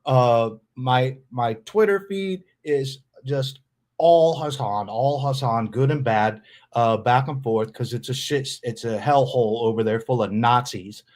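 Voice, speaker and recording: A man's voice: mid-range voice, measured pace, darkish tone. Blunt, profane male streamer. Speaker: streamer host. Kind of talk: casual livestream commentary.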